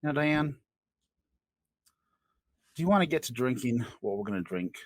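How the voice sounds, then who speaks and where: A man's voice: mid-range voice, lively intonation, normal speed, no room sound. A man co-hosting a comedy podcast, spinning absurd made-up stories in a playful, joking way. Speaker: podcast co-host.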